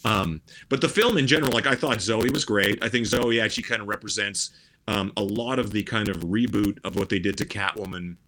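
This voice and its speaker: Rambling bright-voiced man, low pitch. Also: brisk. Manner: rambling, many restarts and "you know". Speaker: guest musician. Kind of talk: casual podcast chat.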